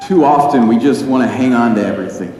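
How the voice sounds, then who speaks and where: A man preaching a sermon in earnest tones with dramatic pauses. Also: medium pitch, mellow. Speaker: pastor. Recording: echoey hall with faint noise.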